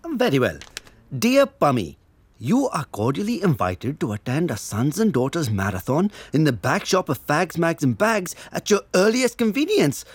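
A man's voice: a little high, big pitch swings, moderate pace, slightly rough, dry recording. An actor playing a stiffly formal male delivery driver with very proper diction. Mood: prim.

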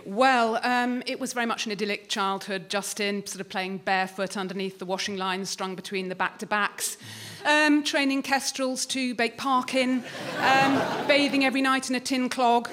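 A woman's voice: on the high side, steady tone, moderate pace, noisy background. A woman playing a haughty, easily affronted guest performer in a scripted comedy sketch.

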